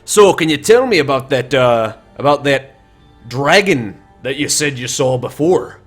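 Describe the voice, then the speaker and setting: A man's voice: mid-range voice, lively intonation, measured pace, breathy edge. A man voicing a weathered, teasing dwarf plainsman with a put-on burr, over faint music. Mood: folksy. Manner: folksy, drawling, teasing.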